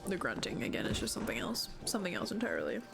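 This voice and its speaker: A woman's voice: a bass voice, huge pitch swings, racing, creaky. Exasperated woman streamer swearing at a game. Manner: swearing, exasperated, thinking aloud. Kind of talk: casual gameplay commentary. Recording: game music behind her voice. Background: game music.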